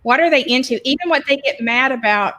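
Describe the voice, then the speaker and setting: A woman's voice: high voice, a little fast, pushed and bright, poor audio. A woman giving an encouraging, teacherly webinar presentation about raising kids. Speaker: educator presenter.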